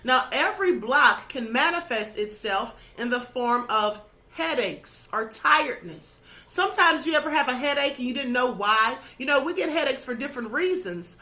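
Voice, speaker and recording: A woman's voice: high-pitched, lively intonation, normal speed, pushed and bright. A woman hosting her own channel, giving an earnest spiritual teaching monologue with many asides to the listener and a voice that is starting to go. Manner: earnest, instructive, adds "okay?" and "you know". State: slightly losing her voice.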